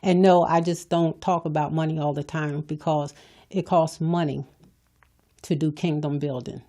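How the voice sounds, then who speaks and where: A woman's voice: low-pitched, fairly even intonation, moderate pace, dark tone. An older woman hosting her own podcast, giving a folksy, preachy motivational talk straight to her listeners. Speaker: podcast host.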